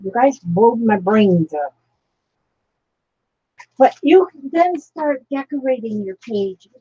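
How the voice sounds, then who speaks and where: A woman's voice: on the high side, expressive, takes it slowly, warm tone, slightly rough, dry recording, muffled recording. A woman chatting through a casual craft tutorial, emotional and overwhelmed, with frequent breathless exclamations. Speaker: crafting vlogger.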